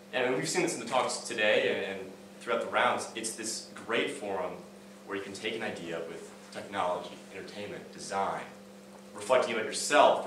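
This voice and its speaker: A young man tells a casual story on stage in a low voice, full of fillers and repeated words. He sounds set back from the mic, and the sound booms around a big echoey hall. A faint hum sits under it. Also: distant mic. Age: young adult. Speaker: student speaker. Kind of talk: student talk on stage.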